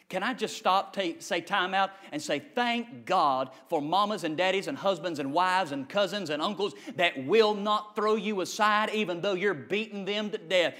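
High, bright-voiced preacher shouting. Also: male voice, animated, moderate pace. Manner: swings from shouting to low quiet asides; folksy, repetitive preaching cadence. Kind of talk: sermon. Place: church with a congregation.

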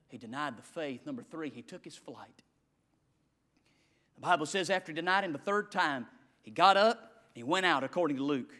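A male pastor preaching a sermon, swinging from shouts to hushed tones in a repetitive cadence. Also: a little high, animated, moderate pace. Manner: dramatic swings from shouting to hushed near-whispers.

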